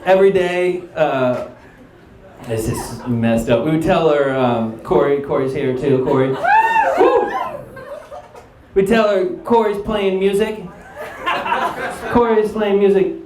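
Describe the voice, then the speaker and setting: A man doing a stand-up comedy set, telling a story in an animated way and laughing through his lines. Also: on the high side, slow, long pauses, background noise. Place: live comedy stage. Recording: roomy live venue with crowd. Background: audience laughter.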